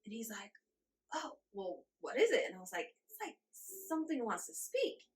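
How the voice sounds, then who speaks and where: Animated woman telling a story, laughing. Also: fairly high pitch, normal speed. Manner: animated, laughs often, acts out her own past reactions. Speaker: guest channeler. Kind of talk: casual interview storytelling.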